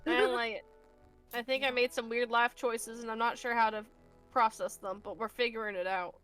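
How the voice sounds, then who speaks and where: Female player, slightly high voice, faint music behind, jokey casual chat. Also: fairly even intonation, fairly quick, fairly bright tone, smooth. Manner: joking, dramatic complaints. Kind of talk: casual tabletop game chat.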